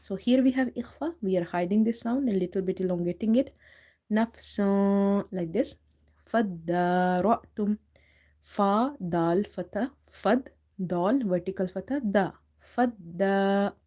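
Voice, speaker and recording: A woman's voice: medium pitch, unhurried, mellow. A woman teaching Quran recitation in a live lesson, patiently spelling out letters and repeating words, in English with small slips. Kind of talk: tajweed lesson, live stream.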